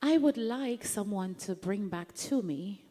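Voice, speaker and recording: A woman's voice: medium pitch, lively intonation, unhurried, mellow. A Jamaican woman hosting a live event, chatty and playful as she teases the audience. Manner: playful, chatty, teasing the crowd. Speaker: event host leading an audience activity.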